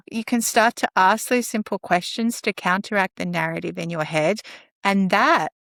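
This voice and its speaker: A woman giving earnest, practical advice on calming down, sometimes acting out slow breathing as she talks. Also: medium pitch, creaky, no room sound, clean studio sound. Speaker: guest speaker on caregiving. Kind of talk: conversational advice.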